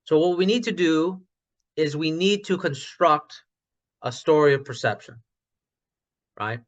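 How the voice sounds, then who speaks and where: A man in a casual online discussion who thinks aloud with many restarts and gets loud when passionate about ideas. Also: a little high, expressive, measured pace. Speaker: discussion participant.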